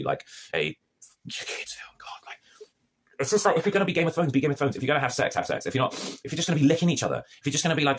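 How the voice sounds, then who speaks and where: Fast-talking, animated male TV reviewer. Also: mid-range voice, breathy edge. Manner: sarcastic, animated, acts out scenes in mocking voices. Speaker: TV review vlogger. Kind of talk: casual spoken TV review.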